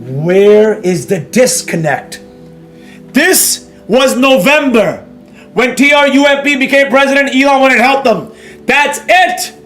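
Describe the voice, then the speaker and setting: High pitched guy ranting at his stream chat about trading, keeps repeating himself, quiet music in the back. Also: expressive, unhurried. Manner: scolding, emphatic, repeats points, rhetorical questions; reads and answers viewer chat. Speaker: day-trading educator hosting a live stream. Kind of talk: ranting live-stream lecture.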